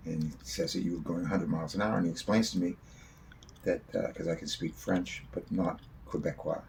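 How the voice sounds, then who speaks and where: A man tells a long personal anecdote, wandering from detail to detail. His voice sits low with a gravelly, creaky edge. His speech is loose and profane, and a faint background hum lies under it. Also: fairly even intonation, fairly quick, a little mellow. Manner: long-winded, swears freely. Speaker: storyteller.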